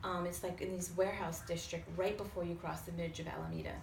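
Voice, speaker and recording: A woman telling a lively personal story to a small audience, acting out other people's voices and swearing casually. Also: lowish voice, fast talker. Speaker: storyteller on a talk show. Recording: roomy sound from a distance with faint noise.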